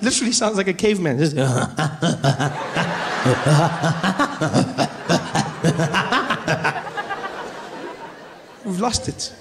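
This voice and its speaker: A young man performing animated stand-up comedy, telling stories with mock indignation. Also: a little high, very slow, creaky, pauses often, crowd noise, noisy background. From South Africa.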